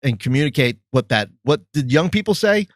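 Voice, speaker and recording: A youth pastor speaking as a podcast guest, reflective and measured, often pausing with ums as he searches for the right word. His voice sits in a middle pitch and sounds close and dry. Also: expressive, dry recording. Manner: thoughtful, searching for words with ums and uhs. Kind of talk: reflective interview talk.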